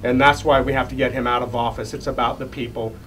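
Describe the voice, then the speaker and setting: A man's voice: medium pitch, flat delivery, fast talker, a bit bright. A middle-aged man, a congressional candidate, giving an earnest, emotional campaign speech and telling a personal story. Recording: distant mic, faint room noise.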